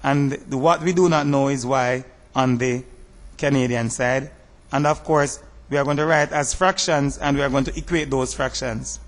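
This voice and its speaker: A man teaching a math lesson over slides, explaining step by step in a measured way and asking rhetorical questions. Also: medium pitch, steady tone, long reverb tail.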